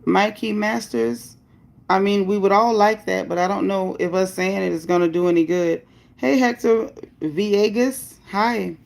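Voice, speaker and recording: A woman's voice: mid-range voice, fairly even intonation, measured pace, vocal fry, a little mellow. A woman hosting a livestream, reading viewer comments and speaking bluntly about her opinions and chat rules. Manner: greets viewers by name, upbeat bursts. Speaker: livestream host.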